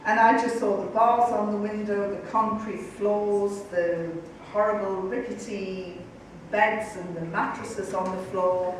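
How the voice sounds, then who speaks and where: A woman's voice: medium pitch, a little slow, a little hiss or hum. A middle-aged woman giving a storytelling talk at a university event, acting out the voices of the people she quotes. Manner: lively, acts out quoted voices. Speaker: guest speaker. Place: university lecture hall. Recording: echoey hall from far off.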